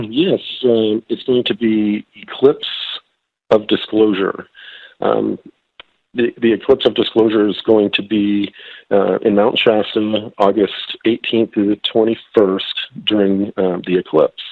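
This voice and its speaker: A slightly hoarse man calling in by phone as a guest, talking hesitantly with many fillers and restarts. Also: fairly low pitch, fairly even intonation, a little slow, no room sound. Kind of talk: phone-in interview. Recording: tinny phone line.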